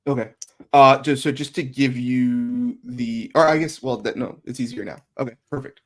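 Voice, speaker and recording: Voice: mid-range voice, fairly even intonation, moderate pace. A player in a tabletop game chatting casually, rambling with many fillers and restarts. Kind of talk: casual chat between players.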